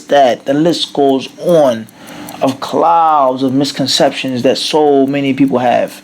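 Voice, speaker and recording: A man delivers a religious lecture in an emphatic, questioning teaching style, sprinkling Arabic terms through his English. His voice sits in an ordinary middle pitch. A faint background noise runs under the recording. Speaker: Islamic teacher. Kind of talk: lecture explaining a classical text.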